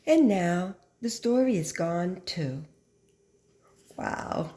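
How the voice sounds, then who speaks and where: Slow, mellow-voiced woman teacher reading aloud. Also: lowish voice, echoey room. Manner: expressive read-aloud with dramatic pauses; gentle, patient classroom explaining. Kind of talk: reading a picture book aloud to children.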